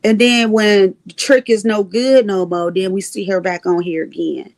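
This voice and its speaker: A woman hosting a livestream, telling stories in an animated way, laughing often and swearing freely. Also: mid-range voice, moderate pace. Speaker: livestream host. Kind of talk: casual storytelling chat.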